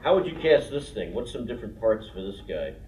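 A man's voice: fairly low pitch, big pitch swings, brisk, darkish tone, a little hiss or hum. A man leading a puppetry workshop, talking loosely and with some profanity, often asking if the group follows him. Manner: loose, profane, keeps asking "you know what I mean?". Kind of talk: teaching talk with demonstrations. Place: workshop room. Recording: distant, roomy, dull workshop recording.

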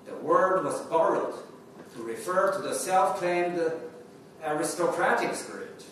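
Slow, high-voiced man in an echoey hall. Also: animated, a bit bright, far from the mic, a little hiss or hum. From China. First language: Chinese. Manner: measured, explanatory, reading prepared remarks. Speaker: diplomat giving a speech. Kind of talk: formal prepared speech.

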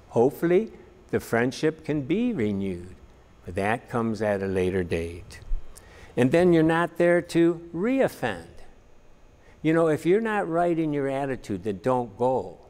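A man of middle pitch teaches a church class in an earnest, plainspoken way, often reaching for "you know." His voice carries a long reverb from a church hall. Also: darkish tone. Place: church meeting room.

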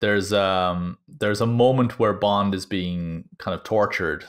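Brief: male co-host, lower voice, relaxed conversational pace, hesitant and thoughtful. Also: slow. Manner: thoughtful, hesitant, searching for words. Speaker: podcast co-host. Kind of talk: casual chat.

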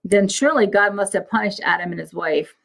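A woman's voice: mid-range voice, fairly quick, gravelly. A woman voicing a kindly mountain peak who asks eager questions. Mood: curious.

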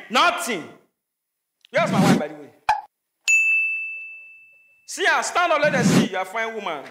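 A Nigerian man performing stand-up comedy, his voice very high and bright as he drives each joke home. He drops into Pidgin asides and hits his punchlines at full volume. The sound is echoey, with a faint hiss behind him. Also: very animated, normal speed, long pauses. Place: comedy stage before a live audience. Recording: echoey venue with faint noise.

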